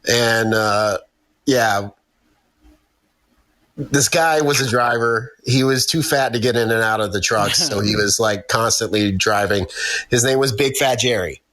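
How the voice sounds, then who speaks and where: A man, a podcast guest, chatting casually and telling an animated story with quoted voices. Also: fairly low pitch, unhurried. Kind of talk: casual chat.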